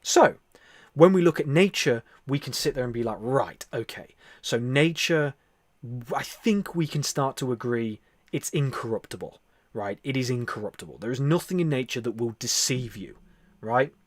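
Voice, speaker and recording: A man hosting a spiritual livestream, talking earnestly and repetitively, then softly whispering into a close microphone as he guides a meditation. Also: mid-range voice, animated, moderate pace, dry recording. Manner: earnest, repetitive, soft-spoken. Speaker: livestream host.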